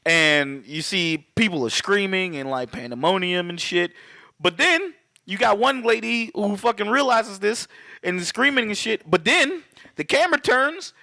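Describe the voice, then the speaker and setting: Bright-voiced man recapping a movie. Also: high-pitched, moderate pace, creaky, dry recording, studio quality. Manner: profane, animated retelling with acted quotes. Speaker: podcast co-host. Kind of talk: casual movie recap chat.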